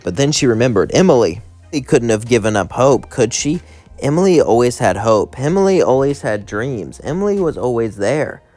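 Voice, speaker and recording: A man's voice: medium pitch, darkish tone. Male narrator, casual and rambling fan storytelling, light music underneath. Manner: casual, loose, keeps saying "would say".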